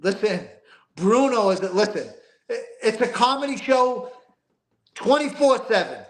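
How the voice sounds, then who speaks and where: As a guest in a casual interview, an older East Boston man spins rambling, emphatic stories in street-talking fashion. His high-pitched voice is animated and measured in pace, and the space sounds reverberant.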